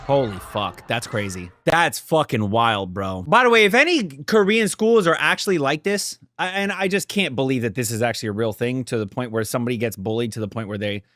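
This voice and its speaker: Reacting to a drama series, a young man talks casually with heavy swearing and heated outbursts, his profane, emphatic delivery swinging between loud bursts and low muttering. The reaction video creator's voice is expressive and fairly quick with hardly any pauses, and there's no echo.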